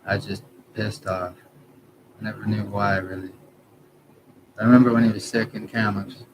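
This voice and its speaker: Low, flat-voiced man rambling over noise. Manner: halting, trails off, many restarts and self-corrections. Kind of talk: rambling personal monologue. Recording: background noise.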